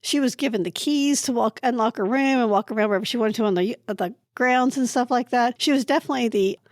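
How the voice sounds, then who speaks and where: Woman co-host, casual book chat, high-ish voice, dry close sound. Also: no echo. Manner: slow, searching for words, laughing at times. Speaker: podcast co-host presenting a book pick. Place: library recording room.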